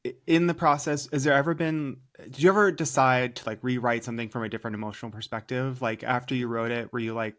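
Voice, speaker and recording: A man's voice: mid-range voice, fast, few pauses. Friendly male co-host asking questions. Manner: lively, fillers like "like". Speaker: co-host, editor. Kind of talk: casual interview talk.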